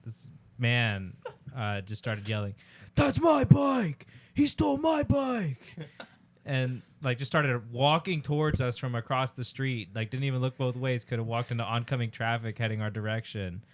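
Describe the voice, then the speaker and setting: A man telling anecdotes in a casual podcast chat and shouting out the lines of the people he quotes. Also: medium pitch, steady tone, normal speed.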